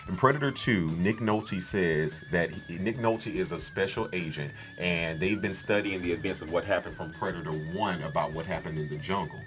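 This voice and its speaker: Male podcast co-host, low voice, rambling, excitable, swears a lot, faint music underneath. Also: moderate pace, few pauses. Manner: rambling, swearing, bursts into loud excited impressions. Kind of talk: excited film chat.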